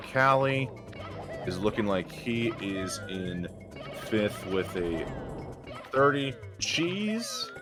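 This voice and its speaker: A man giving energetic, joking live play-by-play commentary on a speedrun race. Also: sits low. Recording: music playing behind.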